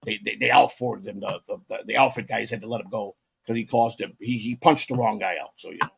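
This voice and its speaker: A man's voice: on the low side, fairly even intonation, fast, creaky, slightly rough. A man in his fifties, a podcast co-host, telling rambling, profane stories in casual chat with lots of restarts.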